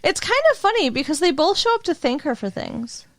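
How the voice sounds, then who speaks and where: A woman's voice: sits high, sing-song, a little fast, no echo. A woman co-hosting a casual movie podcast, chatty as she recaps the plot and waves off her co-host's jokes. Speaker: podcast co-host. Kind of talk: casual movie-review chat.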